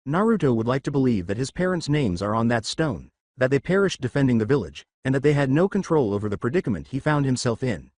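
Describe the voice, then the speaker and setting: A man narrating a fan fiction story in a steady reading voice. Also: medium pitch, fast, few pauses, dry recording.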